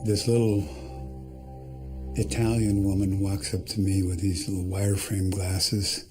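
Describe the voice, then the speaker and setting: A man's voice: sits low, little pitch movement, measured pace, music in the background. A man giving documentary testimony, telling his survival story in a plain-spoken way with restarts.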